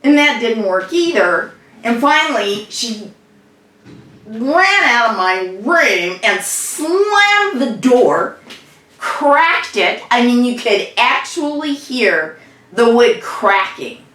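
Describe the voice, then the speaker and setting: Sing-song and slow, the voice sits on the high side, a bit bright and exaggerated. It belongs to an actress improvising a social worker who rambles through a story about a family row, with fillers. The room echoes and the mic is distant.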